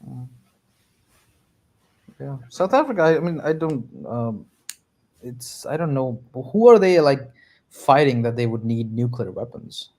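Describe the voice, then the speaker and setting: Guy cohosting a podcast over a call, teasing, playful, mid-pitched voice. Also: expressive, darkish tone. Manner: teasing, playful, quick interjections. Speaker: podcast co-host. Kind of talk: casual chat. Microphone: computer mic on a call.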